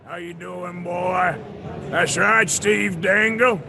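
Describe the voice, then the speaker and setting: A man voicing a friendly, gruff cowboy outlaw in a recorded video message, with a drawling, folksy and teasing delivery. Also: high-pitched, steady tone, slow, pushed and bright, exaggerated voice. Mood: folksy warm. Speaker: video message from a game voice actor. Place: busy convention hall. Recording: crowd noise behind, recorded video. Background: crowd chatter.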